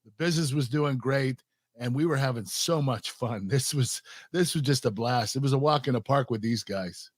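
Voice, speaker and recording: A man, a former wrestler, talking in a relaxed way on a podcast and laughing easily. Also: mid-range voice, normal speed, no room sound, studio quality. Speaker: former wrestler and show host. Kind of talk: casual interview.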